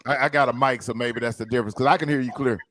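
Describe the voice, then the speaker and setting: A man hosting a podcast, quickly relaying a question to the guest. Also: mid-range voice, fairly even intonation, a bit bright, no echo. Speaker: podcast host. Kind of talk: casual interview chat. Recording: dry close mic.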